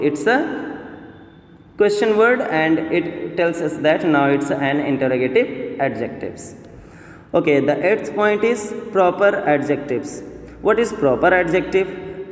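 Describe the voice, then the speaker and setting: Slow, high-voiced teacher. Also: male voice. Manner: explains slowly, repeats words, many fillers. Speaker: English teacher. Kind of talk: grammar lesson. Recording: echoey room with long reverb.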